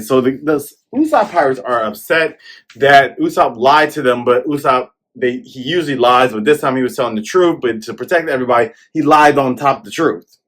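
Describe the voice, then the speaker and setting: A man hosting a casual manga chapter review, animated and jokey, acting out lines as he goes. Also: mid-range voice, brisk. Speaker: host.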